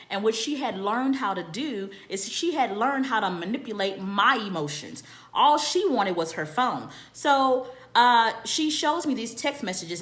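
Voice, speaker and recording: A woman telling a personal story in a candid, animated and profane way, often repeating phrases for emphasis. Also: medium pitch. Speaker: storytelling vlogger.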